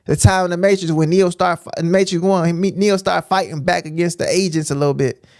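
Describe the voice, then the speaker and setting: A man with a fairly high voice gives informal preaching on a livestream, punchy and repetitive, often pausing to ask "right?". His voice is close and dry, with no room sound. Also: fairly even intonation, a little mellow, no echo. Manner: emphatic, repetitive, keeps asking "right?". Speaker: streamer teaching scripture.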